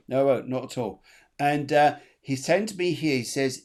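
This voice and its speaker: A man's voice: mid-range voice, moderate pace, a little mellow. A man, hosting a live spiritual reading, talking in a chatty, repetitive way and laughing often. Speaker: medium, show host.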